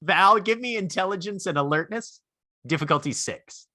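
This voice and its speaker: Guy running a tabletop game, kinda high bright voice, swears a lot, laughs along. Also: lively intonation, normal speed, no room sound. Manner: loose, profane, laughing narration. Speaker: game master.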